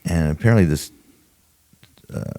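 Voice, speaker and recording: An older man, a retired homicide detective, tells stories as a guest on a podcast in a loose interview format. His voice is low and warm and moves at a normal speed. He acts out quotes and laughs often.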